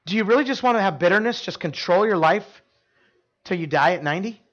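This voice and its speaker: A man's voice: high voice, expressive, quick pace, a bit bright, dull audio. A middle-aged man preaching a sermon in a conversational way, often repeating words and asking the room questions. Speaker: pastor.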